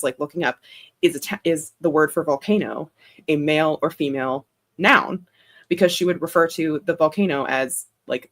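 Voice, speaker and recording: A woman's voice: deep voice, fairly bright tone. A young woman hosting a casual chat stream, rambling in a chatty way and laughing often. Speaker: author and livestream host.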